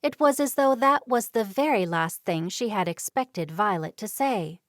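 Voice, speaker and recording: Slow, measured woman narrator. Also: mid-range voice, expressive, no room sound, studio quality. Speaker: audiobook narrator. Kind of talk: scripted narration.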